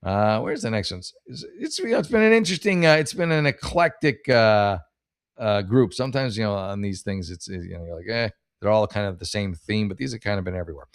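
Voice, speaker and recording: A man's voice: lowish voice, animated, fairly quick, clear, resonant tone. A middle-aged man, a stand-up comedian, telling a rambling, profane, self-mocking story in casual chat. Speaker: comedian hosting a podcast.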